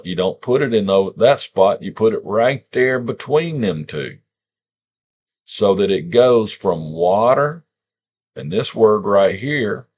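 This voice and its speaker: A man's voice: on the low side, darkish tone, slightly rough, dull audio. A man teaching a scripture lesson in an informal way, sounding out words and asking rhetorical questions.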